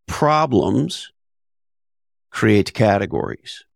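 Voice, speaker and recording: A man's voice: on the low side, sing-song, drawn-out words, creaky, no room sound, clean studio sound. A man talking as a podcast guest, blunt and emphatic, with rhetorical questions and casual swearing. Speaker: podcast guest, author and business advisor. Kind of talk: conversational interview.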